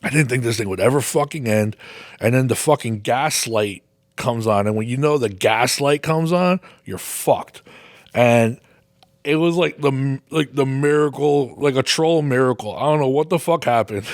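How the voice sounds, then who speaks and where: A man's voice: mid-range voice, normal speed, dry recording, studio quality. A man hosting a podcast, telling a rambling casual story full of swearing and laughing at himself. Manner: rambling, heavy swearing, laughs at his own stories. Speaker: podcast host.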